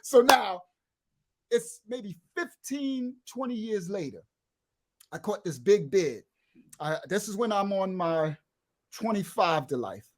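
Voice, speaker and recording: A middle-aged man telling a street story in an animated way, acting out other people's voices and swinging from loud outbursts to low murmurs. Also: slow, long pauses. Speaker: guest telling his life story.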